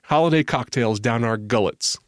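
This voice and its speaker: A man's voice: mid-range voice, normal speed, no echo, studio quality. A man co-hosting a podcast in an enthusiastic casual chat, reading out listener mail. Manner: chatty, enthusiastic, reads listener mail aloud. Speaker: podcast co-host.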